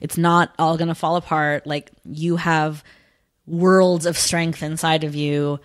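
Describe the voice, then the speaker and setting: A woman's voice: little pitch movement, unhurried. A young woman co-hosting a casual podcast, chatting and recapping a TV episode, filling her talk with "like" and acting out the characters' lines. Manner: chatty, lots of "like", acts out characters' lines in a higher voice. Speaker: podcast co-host.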